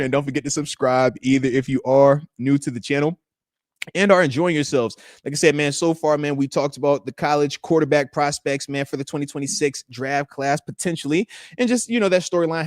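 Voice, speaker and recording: A man's voice: a little high, no room sound, studio quality. A man in his thirties hosting a live show, chatting casually in slang, teasing commenters and calling them man. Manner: animated, slangy, teasing, says man a lot. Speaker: live show host, retired football player. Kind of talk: casual live-stream chat reading comments.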